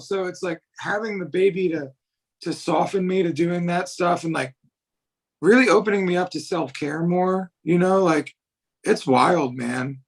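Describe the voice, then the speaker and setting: A man speaking as a guest in a casual chat, reflective and halting, with many fillers. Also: sits high, a bit bright, breathy edge.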